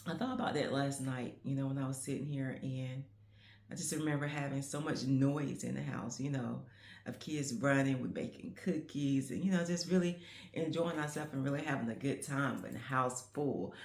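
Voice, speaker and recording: A woman's voice: very deep voice, steady tone, normal speed, a little mellow. A woman in her fifties, a grandmother, chatting casually to camera in a rambling, reflective way, full of "you know what I'm saying" asides. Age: 50s. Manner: grandmother musing on changing times. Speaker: vlogger.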